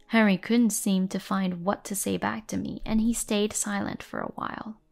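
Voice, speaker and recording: A woman narrating a first-person drama story in an even, measured way over faint music. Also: mid-range voice, creaky.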